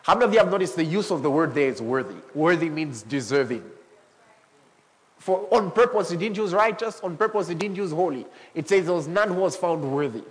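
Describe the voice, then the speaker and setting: A man preaching a sermon as pastor, animated, swinging up to shouts and laughing with the congregation. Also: fairly high pitch, brisk. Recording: long hall reverb.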